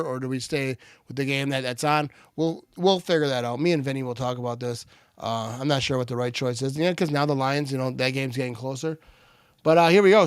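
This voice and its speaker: A man hosting a live game watch party, switching between excited play-by-play calls and relaxed chat. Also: a little high, clear, resonant tone, dry recording, clean studio sound. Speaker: livestream watch party host.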